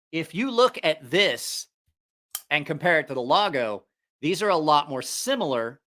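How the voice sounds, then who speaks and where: This man's voice is a little high, bright and forceful, with a slight Southeast Ohio accent. As a knife reviewer and channel host on a casual livestream, he talks in a chatty, rambling way and corrects himself, speaking into a studio mic with headphones on.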